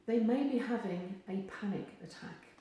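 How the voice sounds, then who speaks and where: A woman gives advice straight to camera, animated and acting out the voices she quotes. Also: mid-range voice, normal speed. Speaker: therapist giving advice. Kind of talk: direct-to-camera advice video. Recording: very echoey room.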